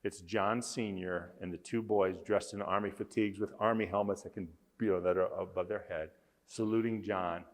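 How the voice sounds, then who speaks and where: A man's voice: low-pitched, fairly even intonation, normal speed, in a large hall. A man speaking as a conference speaker, earnestly telling a story with emphasis. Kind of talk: storytelling talk.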